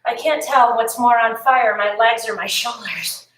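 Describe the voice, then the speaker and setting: A woman's voice: fairly high pitch, unhurried, recorded from a distance, noisy background. Tired, chatty woman fitness instructor. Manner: chatty, encouraging, storytelling between cues. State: tired, yawning. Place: home workout space. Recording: echoey room, voice a bit off-mic.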